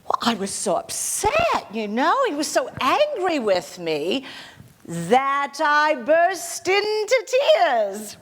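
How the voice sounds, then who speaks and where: An actress in her sixties playing a gentle, modest film star who reminisces in a soft, gracious storytelling manner, laughing lightly now and then. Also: high-pitched, huge pitch swings, takes it slowly, full character voice. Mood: fond, amused. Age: 60s. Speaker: actor in a one-woman portrayal. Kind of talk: theatrical monologue. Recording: long reverb of a hall.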